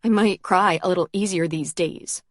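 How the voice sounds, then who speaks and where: A woman's voice: lowish voice, moderate pace, no room sound, studio quality, close to an everyday voice. A woman reading an audiobook and voicing a pregnant, meddling older sister who talks pointedly and gets teary. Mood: softened. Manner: pointed, teary, a bit bossy.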